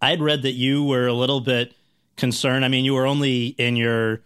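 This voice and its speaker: A man's voice: mid-range voice, level tone, normal speed, a bit bright, clear, resonant tone. A man hosting an interview, asking long, searching questions with hesitant fillers. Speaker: interview host.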